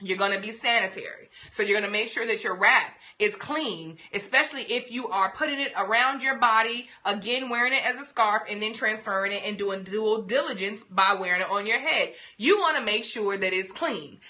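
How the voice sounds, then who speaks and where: A woman's voice: medium pitch, normal speed, few pauses, pushed and bright. A young woman hosting a casual livestream, giving beauty tips in a sassy, playful, emphatic way.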